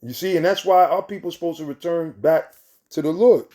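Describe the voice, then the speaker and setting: A man's voice: fairly high pitch, brisk, mellow. A man preaching informally from scripture in a heated, profane way, repeating himself and ending lines with "man" and "right?".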